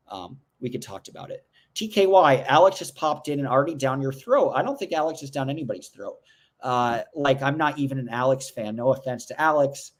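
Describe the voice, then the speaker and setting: Man hosting a livestream, casual chat, rambling, jokey asides, mid-pitched voice. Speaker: livestream host. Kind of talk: casual livestream chat answering viewer comments. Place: indoors at home.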